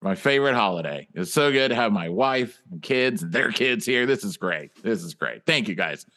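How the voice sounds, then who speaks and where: A man playing a dad welcoming his family to a holiday dinner, slow and fumbling with fillers, in an improv comedy scene. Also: lowish voice, lively intonation, fairly bright tone, long reverb tail. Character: warm older dad hosting a family Thanksgiving.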